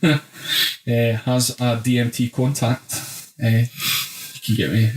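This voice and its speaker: A man's voice: medium pitch, slow. A man with a Scottish accent co-hosting a podcast, telling stories in a casual, sweary, ranting way. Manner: ranting, animated storytelling. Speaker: podcast co-host. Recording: roomy echo.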